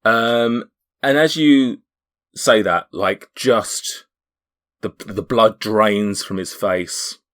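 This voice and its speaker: A man narrating as game master, hesitant and full of pauses. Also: fairly low pitch, a bit bright.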